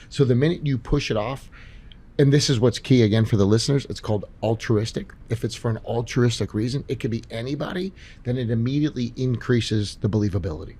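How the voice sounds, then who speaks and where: A man co-hosting a live podcast Q&A at a seminar, talking in an animated, jokey way with some swearing. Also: medium pitch, fast. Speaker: podcast co-host. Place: seminar stage.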